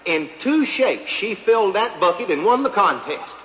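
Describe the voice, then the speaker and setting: A man's voice: high voice, very animated, normal speed, a little hiss or hum. A man telling a folksy comic tale in a live monologue, in a dull, echoey live recording. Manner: folksy drawling storyteller, feigned humility. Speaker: comedian.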